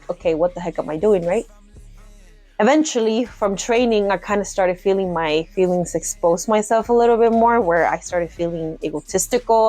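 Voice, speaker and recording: Young woman, kinda low voice, blunt, swears a lot, laughs at herself, telling her story, dry room, faint music behind. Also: darkish tone, dry recording. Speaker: MMA fighter sharing her story. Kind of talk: candid personal storytelling.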